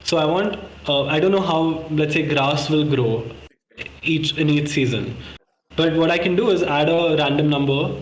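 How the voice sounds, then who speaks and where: A man's voice: on the high side, moderate pace, a little hiss or hum. Chatty man on an echoey call. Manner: rambling, self-correcting, many fillers. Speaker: course participant presenting a model. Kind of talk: casual screen-share walkthrough.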